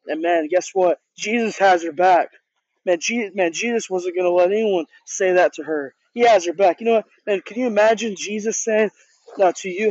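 A man's voice: high voice, normal speed, a little mellow, no echo. A man who leads a youth group, giving a casual sermon in an earnest, conversational way, often restarting and repeating words. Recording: dull, dry lo-fi recording.

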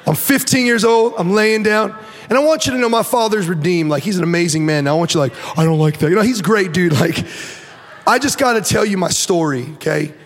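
A man giving an animated personal testimony to a church audience, acting out the voices in his story and often restarting sentences. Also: high voice, brisk, in a large hall. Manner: animated storytelling, acts out quotes, repeats and restarts. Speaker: guest speaker.

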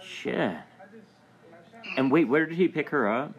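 A man's voice: on the high side, slow. A man in casual chat, reacting with short surprised remarks and questions.

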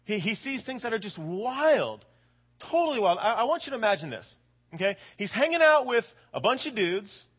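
A man in his late twenties preaching a sermon in an animated, colloquial way, often checking in with the audience. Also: sits high, moderate pace, slightly rough. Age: late 20s. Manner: animated, colloquial, keeps asking "right?".

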